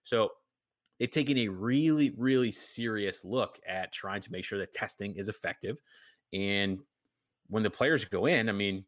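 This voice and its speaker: A man's voice: fairly low pitch, a bit bright, dry recording, studio quality. A man from Maine co-hosting a podcast, talking in a wry, conversational way full of fillers. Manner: wry, conversational, with many "you know" and "like" fillers. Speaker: podcast co-host. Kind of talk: casual chat.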